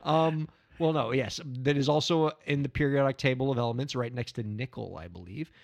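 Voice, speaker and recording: A man co-hosting a comedic podcast, playing a quiz game in casual, joking, excitable chat. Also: medium pitch, fairly quick. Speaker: podcast co-host, quiz player.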